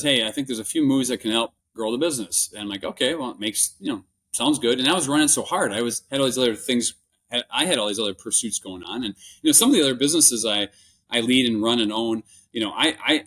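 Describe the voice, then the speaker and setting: A man's voice: medium pitch, fairly bright tone. A man with a Minnesota accent, a podcast guest telling candid stories in an earnest, rambling way with many restarts. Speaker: podcast guest, business buyer. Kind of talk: candid interview storytelling.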